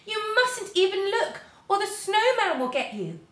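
A woman voicing an excitable little man with a round moon face, who squeals, shouts and mumbles through a mouthful of toffee. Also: sits high, fairly quick, pitched above the performer's own voice, full character voice. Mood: alarmed. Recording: roomy echo.

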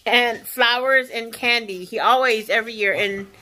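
A woman's voice: fairly high pitch, normal speed, pushed and bright. A woman vlogger chatting casually to viewers while cooking in her home kitchen. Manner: chatty, talks straight to viewers.

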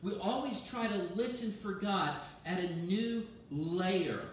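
A man, a pastor, giving a sermon in a lively, conversational way, often restarting his sentences. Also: high voice, slow pace, slight background noise. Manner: animated, conversational preaching with restarts. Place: church sanctuary. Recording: very echoey church from far off.

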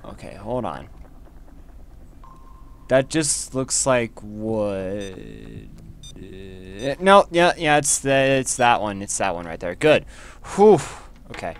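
A man giving casual commentary over his own gameplay, chatty and quick to exclaim when things go wrong. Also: on the low side, big pitch swings, smooth. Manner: chatty, easily frustrated, exclaims at setbacks.

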